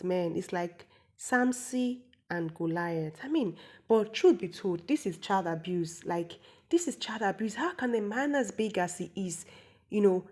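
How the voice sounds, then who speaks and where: A woman's voice: mid-range voice, darkish tone. A woman, chatty and opinionated, recapping a movie and explaining local words. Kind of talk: casual movie recap commentary.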